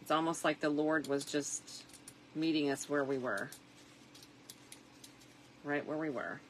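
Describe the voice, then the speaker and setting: A tired middle-aged woman chatting softly and reflectively as she makes a wreath, with plenty of fillers along the way. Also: sits low, steady tone, a little slow, slight background noise, rough recording. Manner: soft-spoken and reflective, with frequent fillers. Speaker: craft vlogger. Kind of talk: casual crafting chat.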